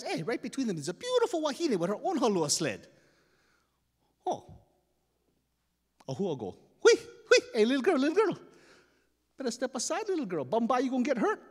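Animated Hawaiian Pidgin storyteller man. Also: sits high. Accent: Hawaiian Pidgin English. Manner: animated, dramatic, playful. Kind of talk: live storytelling performance. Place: stage at a storytelling festival. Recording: long hall reverb.

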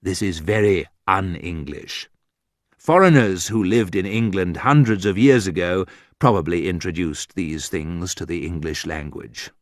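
An audiobook narrator, a man, reads a humorous graded reader aloud in a wry, deliberate storytelling style, his pitch lifting suddenly for quoted remarks. The studio-quality recording has no echo.

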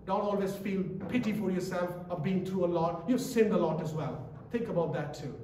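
A man's voice: high-pitched, brisk, darkish tone, a little hiss or hum. A man preaching a sermon in a church, emphatic and repetitive, quizzing the congregation as he goes. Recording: echoey church from a distance.

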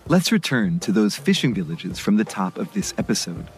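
A man co-hosting a podcast, reading scripted narration in a measured, earnest way. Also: on the low side, very animated, darkish tone. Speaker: podcast co-host. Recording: music bed underneath.

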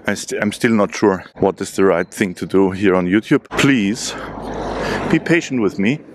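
A man whose first language is German, narrating his film photography vlog outdoors on a city street, unhurried and enthusiastic, thinking aloud as he shoots. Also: sits low, expressive, a little hiss or hum.

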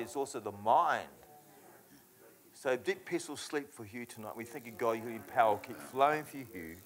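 A man with an English accent leading a healing meeting, praying over people in fervent declaring prayer that swings from soft to loud, with casual matey remarks. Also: mid-range voice. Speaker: healing minister.

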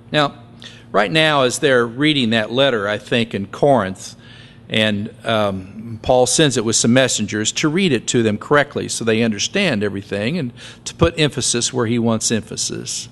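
A man's voice: mid-range voice, animated, normal speed, a bit bright. Man preaching in a chatty, joking style. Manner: conversational, joking preaching with acted-out asides. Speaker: pastor. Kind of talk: sermon.

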